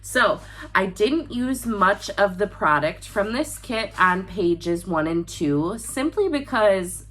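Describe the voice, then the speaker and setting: A woman's voice: mid-range voice, lively intonation, takes it slowly, a bit bright. A woman with a stuffy nose from allergies, hosting a casual crafting tutorial in a chatty, upbeat way and talking straight to her viewers. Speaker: papercraft tutorial host.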